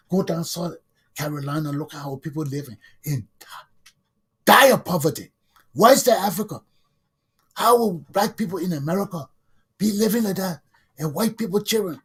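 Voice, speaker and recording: A middle-aged man, a talk show host delivering an angry, heated political monologue that rises to shouting. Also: fairly high pitch, slightly rough. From Liberia.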